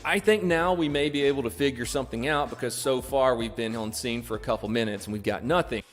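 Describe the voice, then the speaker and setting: A man's voice: mid-range voice, fast, in a large hall, faint music behind. A man hosting a reaction stream, mocking the footage sarcastically. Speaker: host. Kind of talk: reaction commentary.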